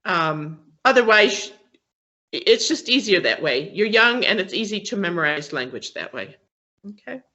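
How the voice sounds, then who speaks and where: A woman's voice: medium pitch, very animated, measured pace, bright, forceful tone. A woman teaching an English class, explaining patiently with many fillers and frequent checks for understanding. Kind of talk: classroom lesson on word stress.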